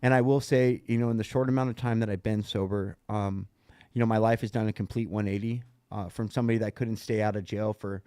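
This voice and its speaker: A middle-aged man with a low voice tells a long personal story in a loose, rambling way. He leans on "like" and "right?" constantly. The sound is dry and close, with no room around it. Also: fairly even intonation, fast talker, mellow, clear, resonant tone, no echo. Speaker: podcast guest sharing recovery story. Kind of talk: casual storytelling.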